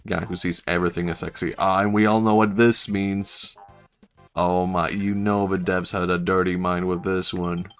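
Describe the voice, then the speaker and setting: A man's voice: sits low, level tone, moderate pace, clear, resonant tone, faint music behind. A young man streaming a game, chatting casually, rambling and laughing often as he jokes. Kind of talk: casual gaming stream chat.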